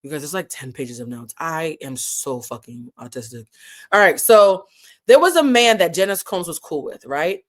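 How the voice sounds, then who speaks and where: A woman with a New England accent hosting a casual live commentary stream, animated and digressive, swearing freely and swinging between loud and soft. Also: deep voice, moderate pace. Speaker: commentary channel host.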